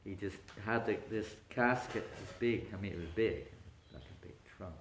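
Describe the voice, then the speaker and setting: A man, a spiritual teacher, telling a story in an animated lecture, often chuckling. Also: lowish voice, normal speed, slight background noise. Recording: echoey room.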